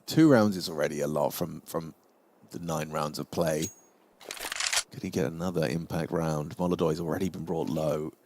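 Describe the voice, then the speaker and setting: A man's voice: rumbling low, fairly even intonation, normal speed, darkish tone. A man doing esports color commentary, joking with his co-caster between rounds. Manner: joking, banter-prone. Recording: noisy with game sounds behind. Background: gunfire from the game.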